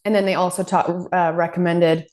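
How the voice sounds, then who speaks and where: Woman co-host, low-pitched, calm and practical in conversation. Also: a little fast. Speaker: podcast co-host. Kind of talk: casual chat.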